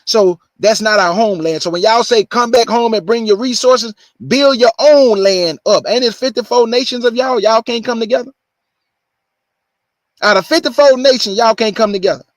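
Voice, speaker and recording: High-voiced man preaching emphatically. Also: no echo. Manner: emphatic, repeats points slowly for stress. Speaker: show host. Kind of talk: preaching monologue.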